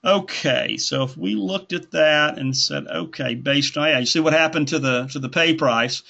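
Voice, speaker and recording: Man leading a group call, slightly high voice, folksy and rambling, dull lo-fi line audio. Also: moderate pace, creaky, pushed and bright. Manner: rambling, self-correcting, folksy. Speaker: instructor hosting a group call. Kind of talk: conversational teaching call.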